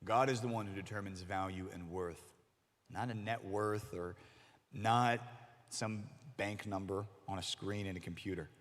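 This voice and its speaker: A man preaching a sermon to middle schoolers as their youth pastor, animated and acting out the voices he quotes. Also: on the low side, measured pace. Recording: long hall reverb.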